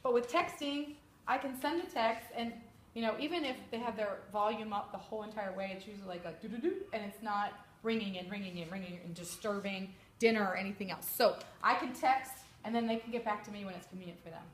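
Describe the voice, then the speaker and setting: A woman giving a chatty, animated sales training talk to a live group, sometimes acting out customers' voices. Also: medium pitch, fast. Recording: echoey room with background noise.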